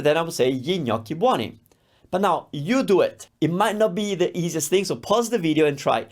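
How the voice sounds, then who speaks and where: A man teaching a grammar lesson in a conversational, explanatory way. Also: a little high. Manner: explanatory, conversational, with many examples. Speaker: language teacher. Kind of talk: online language lesson.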